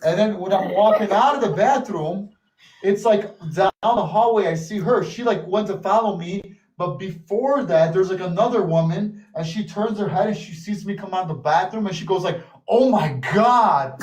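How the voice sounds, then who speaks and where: High-voiced American man telling stories. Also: normal speed, recorded from a distance, a little hiss or hum. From United States. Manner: animated, acts out other people's lines in quotes. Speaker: guest. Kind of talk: casual storytelling. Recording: echoey room.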